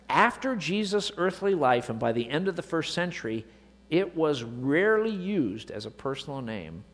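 Lively preacher in an echoing hall. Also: male voice, medium pitch, slight background noise. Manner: animated, building to emphatic slow declarations. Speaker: pastor. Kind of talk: sermon. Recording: long reverb of a large hall.

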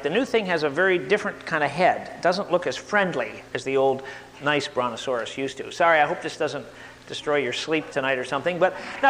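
Animated man lecturing in a hall. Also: fairly high pitch, slight background noise. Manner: lively, worked-up, asks the audience questions. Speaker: speaker at a live talk.

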